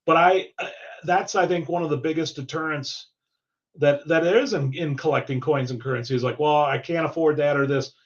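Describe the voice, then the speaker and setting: A man who is a guest on a coin collecting stream, chatting in an animated, talkative way. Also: on the high side, a little fast, lo-fi sound. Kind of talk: casual chat.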